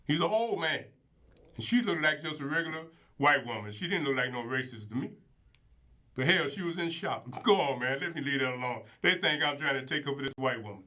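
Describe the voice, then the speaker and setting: Guy hosting his own commentary show, really bright voice, gets emphatic and repeats himself a lot. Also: on the high side, lively intonation, fairly quick. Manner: emphatic and colloquial, repeats words for stress. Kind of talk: opinionated casual commentary.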